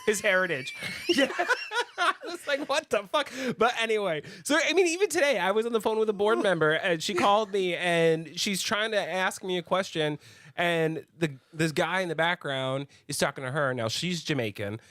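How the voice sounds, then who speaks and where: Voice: mid-range voice, lively intonation, normal speed, fairly bright tone, dry recording. Giggly podcast cohost, medium voice, dry close sound. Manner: laughs often, teasing interjections. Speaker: podcast co-host. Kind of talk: casual chat.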